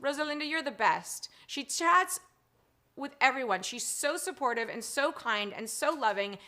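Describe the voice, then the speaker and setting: A middle-aged woman hosting a live-stream show. She greets viewers in the chat warmly and effusively, chatting with lots of "um" and "you guys". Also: sits high, lively intonation, normal speed. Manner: effusive and gushing, chatty with frequent 'um' and 'you guys'.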